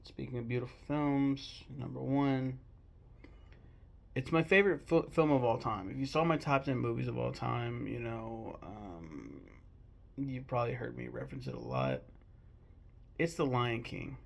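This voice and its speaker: Young male vlogger, gravelly voice with vocal fry, casual and gushing with frequent cursing. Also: medium pitch, measured pace. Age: 20s. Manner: candid, swears freely, emotional and gushing. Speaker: movie vlogger. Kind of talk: casual rambling film talk.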